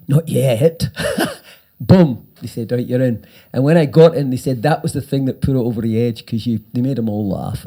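An older man, a writer and former actor, telling animated anecdotes in an interview and acting out the quotes. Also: medium pitch, creaky, husky. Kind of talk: storytelling interview.

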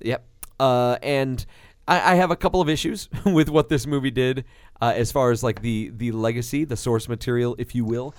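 A man hosting a casual movie review podcast, animated, laughing often and swearing casually. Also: mid-range voice, moderate pace, dry recording, clean studio sound. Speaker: podcast host.

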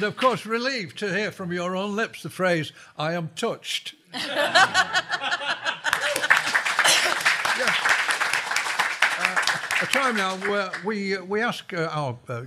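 A man's voice: sits high, lively intonation, slow pace, long pauses, a loud crowd, very noisy. A man hosting a live podcast in front of an audience, joking and teasing the guests. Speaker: podcast host. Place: cinema venue with live audience.

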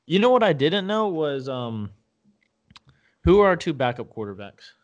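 A man's voice: fairly high pitch, sing-song, normal speed, muffled recording. Hesitant man rambling about sports. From Tampa Bay area, United States. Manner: rambling, hesitant, many fillers and restarts. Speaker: podcast co-host. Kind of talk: casual sports chat.

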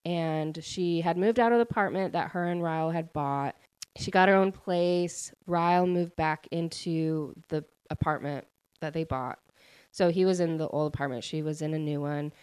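A woman's voice: on the low side, a little mellow, smooth, no echo. A woman recapping a novel she read, in a casual, chatty way full of "like" and "um". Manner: chatty, many fillers like "like" and "um". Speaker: book reviewer. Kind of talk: casual book recap chat.

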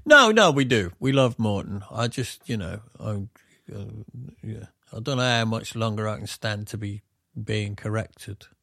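A man's voice: on the low side, lively intonation, unhurried, bright, forceful tone, no echo, clean studio sound. A middle-aged man with a Yorkshire accent, co-hosting a podcast and telling rambling, self-deprecating stories. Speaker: podcast co-host. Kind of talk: casual chat.

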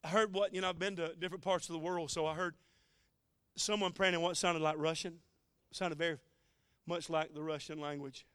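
A man's voice: on the high side, steady tone, a little fast, a bit bright, clean tone, dry recording, clean studio sound. Folksy, emotional male preacher. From United States. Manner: folksy, emotional storytelling with joking asides. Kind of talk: sermon.

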